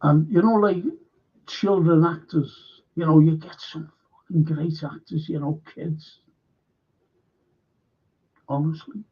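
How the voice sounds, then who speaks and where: A man's voice: a little high, fairly even intonation, takes it slowly, pauses often, slightly rough. A man hosting a live stream, rambling bluntly and swearing often. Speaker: show host. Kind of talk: casual live-stream chat. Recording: dull lo-fi stream audio.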